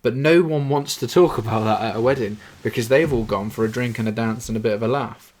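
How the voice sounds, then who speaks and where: Rambling English bloke swearing casually. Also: male voice, medium pitch, brisk, darkish tone. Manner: swearing, rambling, self-mocking. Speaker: podcaster. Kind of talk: casual monologue.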